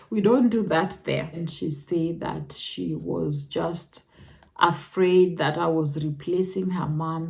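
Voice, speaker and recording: A young woman with a Kenyan accent recounts her own story on a vlog, unhurried and measured. Her voice sits low for a woman, yet it leaps up in emotional, animated exclamations. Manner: emotional, animated retelling with sudden high exclamations. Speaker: vlogger.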